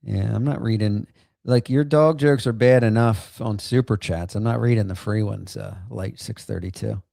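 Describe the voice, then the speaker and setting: A man's voice: fairly low pitch, fairly even intonation, normal speed, warm tone, no room sound, studio quality. A man hosting a casual livestream, rambling with many fillers and bursts of laughter. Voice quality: gravelly, creaky. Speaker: livestream host.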